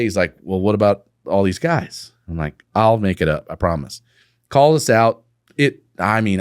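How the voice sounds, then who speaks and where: Animated storytelling man, lively voice. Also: fairly low pitch, clear, resonant tone, no room sound, studio quality. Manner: animated, laughing, acts out quoted dialogue. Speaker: company co-founder, guest. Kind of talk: casual storytelling interview.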